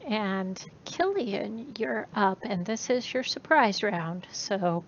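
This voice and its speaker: A woman narrating as game master of a tabletop game, unhurried and using many fillers. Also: expressive. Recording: muffled recording with faint rumble.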